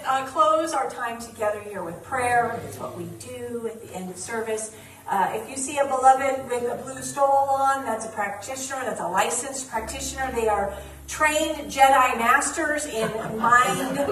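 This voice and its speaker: A woman minister speaks in a chatty, playful way, often breaking into laughter. Her voice sits a little high. She is heard from a distance in an echoey church hall, with faint background noise. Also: a bit bright. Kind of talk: church announcements and guided prayer. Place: church sanctuary.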